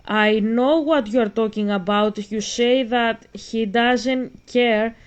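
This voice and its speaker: Slow insistent woman vlogger. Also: on the high side, steady tone, clean tone, lo-fi sound. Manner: slow, insistent, repeats herself while explaining. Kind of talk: spoken commentary on a video.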